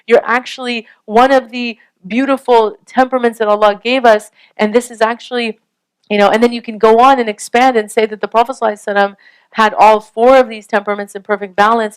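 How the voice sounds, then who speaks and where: A woman delivers a casual lecture on parenting in a smooth, resonant voice. She speaks earnestly and conversationally, pausing now and then to check in with her listeners. Her pitch sits in a mid range for a woman. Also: poor audio. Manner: earnest, conversational, frequent rhetorical "right?".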